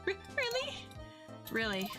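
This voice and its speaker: A woman voicing a panicked young magician who is a country boy at heart, pleading in a high, quavering put-on Southern accent. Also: wildly swooping pitch, a little slow, over music, full character voice.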